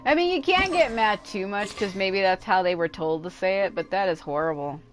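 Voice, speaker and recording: A woman's voice: medium pitch, animated, normal speed. Woman game streamer, casual rambling commentary, frequent swearing, music playing behind. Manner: rambling, exasperated, swears a lot. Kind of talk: casual live gameplay commentary.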